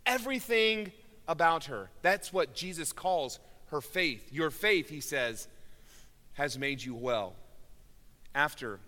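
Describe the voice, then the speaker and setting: A man preaching a sermon with earnest emphasis, rising loud on key words and dropping low and quiet. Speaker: pastor. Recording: long hall reverb.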